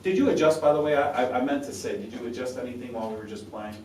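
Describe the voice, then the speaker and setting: A man's voice: medium pitch, very fast, darkish tone, slight background noise. A man coaching a saxophone quartet, talkative and encouraging, sounding out syllables to demonstrate. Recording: roomy sound from a distance with faint ambience.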